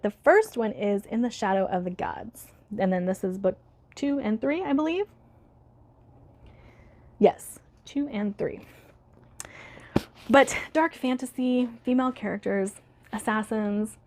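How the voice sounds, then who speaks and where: A woman vlogging casually about books she bought, chatty and laughing often, her voice worn from being sick. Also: medium pitch. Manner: chatty, laughs often, reads blurbs aloud. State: recovering from illness, voice starting to go. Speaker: book YouTuber. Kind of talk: casual book haul vlog.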